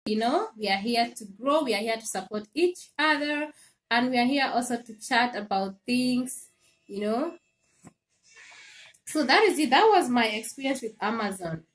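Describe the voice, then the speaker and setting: A woman hosting a casual livestream, telling an animated story with laughs and repeated phrases. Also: fairly high pitch, normal speed. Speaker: live stream host. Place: home in Sweden.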